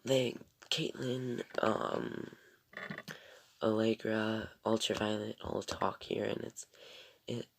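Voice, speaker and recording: A man's voice: lowish voice, steady tone, takes it slowly, creaky, pauses often, a little hiss or hum. A young man casually reviewing a TV episode, rambling and hesitant with lots of ums, often drifting into mumbled whispers.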